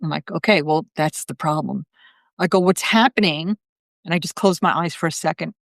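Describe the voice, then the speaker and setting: A middle-aged woman with a deep, creaky voice speaks at a moderate pace. She is a psychic medium hosting a live video, telling a story chattily with lots of fillers and quoted voices. The recording is studio quality with no echo.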